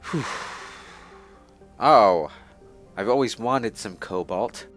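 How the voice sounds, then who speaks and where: Male let's play host, low voice, loose and rambling, lots of ums and restarts. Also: slow pace, fairly bright tone, soft background music. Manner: rambling, many fillers and restarts. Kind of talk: casual gaming commentary.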